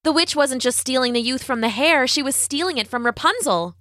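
A woman reading a storybook aloud in an expressive, measured way. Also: high voice, no echo, studio quality.

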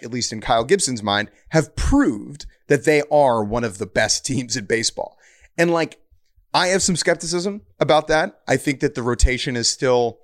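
A man in casual sports chat, mid-pitched and animated. He co-hosts the show and drops into quick mock voices when quoting others. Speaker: podcast co-host.

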